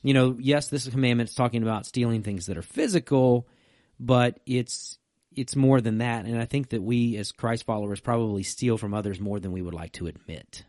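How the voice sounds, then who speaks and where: A middle-aged man, a pastor co-hosting a podcast, chatting casually and telling stories in a relaxed way. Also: mid-range voice, normal speed, no echo, studio quality. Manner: storytelling, relaxed and conversational. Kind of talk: casual chat.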